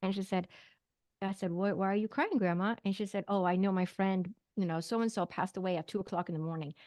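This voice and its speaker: A woman's voice: medium pitch, fairly even intonation, a little fast, a little mellow, no echo, studio quality. A middle-aged woman from Sweden, a podcast guest telling a personal story with lots of fillers and acted-out quoted dialogue.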